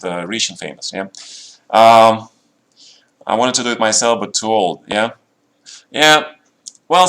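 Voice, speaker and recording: A man's voice: lowish voice, a bit bright. A middle-aged man telling a long story on a live chess stream, checking in with listeners as he rambles, in slightly broken English. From Russia. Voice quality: slightly broken non-native grammar. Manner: rambling, keeps checking in with "yeah?".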